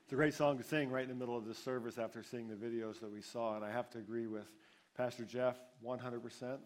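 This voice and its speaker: A man's voice: mid-range voice, a little mellow. A man preaching a sermon as pastor at a church service, in a conversational, storytelling way.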